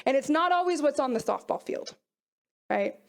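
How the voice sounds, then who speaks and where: Woman, 30s, motivational speaker, high bright voice, earnest storyteller who acts out her inner voices. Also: lively intonation, normal speed, vocal fry. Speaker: mental performance speaker. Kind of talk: motivational talk to young athletes.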